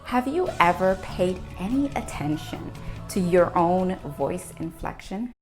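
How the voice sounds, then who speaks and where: A woman public speaking coach giving scripted tips, with clear, deliberate delivery and firm downward endings to her sentences. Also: lowish voice, lively intonation, soft background music.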